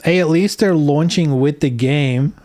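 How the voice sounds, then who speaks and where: A man's voice: on the high side, warm tone. A man streaming live, reading game news aloud and ranting about it sarcastically, swearing often.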